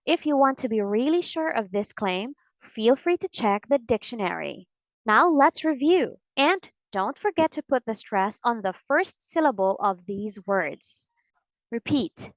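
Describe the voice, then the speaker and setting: A woman with an American accent teaching English pronunciation in a slow, deliberate lesson, repeating each word for drills. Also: fairly high pitch, lively intonation, no echo, poor audio.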